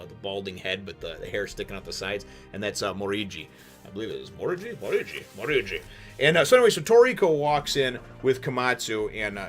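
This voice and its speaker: A man hosting a casual manga chapter review, rambling with many fillers and restarts and sudden animated bursts. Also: fairly low pitch.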